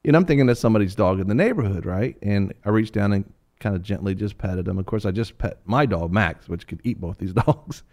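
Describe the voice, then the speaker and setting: A man's voice: on the low side, fairly quick, a little mellow. A middle-aged man telling a funny story in casual chat, laughing often and acting out the people he quotes.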